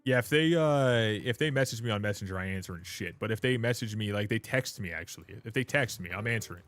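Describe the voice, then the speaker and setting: A man's voice: on the low side, fast talker, fairly bright tone. A man of twenty-seven, hosting a livestream, chatting casually in a joking, rambling, self-mocking way. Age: 20s. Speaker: livestream host.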